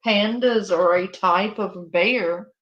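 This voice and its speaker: Woman, live reaction commentary, amused, unhurried delivery, lo-fi sound. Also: mid-range voice. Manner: amused, laughs often. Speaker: streamer reacting to videos.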